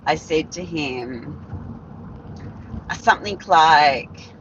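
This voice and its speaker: A woman's voice: on the low side, takes it slowly, fairly bright tone, highs cut off, a little hiss or hum. A woman telling stories on a casual live stream, blunt and rambling, swearing freely and restarting her sentences.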